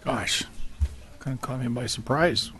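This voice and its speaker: A man's voice: mid-range voice, unhurried, sharp tone, slightly rough, faint music behind. A man running a committee hearing, calling speakers in a casual, apologetic, lightly joking way. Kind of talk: casual procedural remarks.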